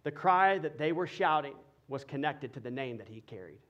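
A male pastor preaching a sermon, building from quiet explanation to loud, passionate emphasis. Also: medium pitch, animated, moderate pace, lo-fi sound. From Texas.

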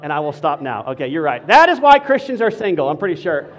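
A man preaching as a pastor, playful and animated, joking with the congregation between serious points. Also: a little high, fast, a little hiss or hum. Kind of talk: sermon with humor.

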